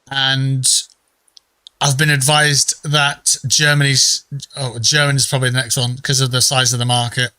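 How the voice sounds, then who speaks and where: A man's voice: mid-range voice, fairly even intonation, normal speed, bright, forceful tone, dry recording. A man live-streaming a game, chatting casually with viewers in a rambling, joking way and swearing freely. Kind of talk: casual live-stream chat while gaming.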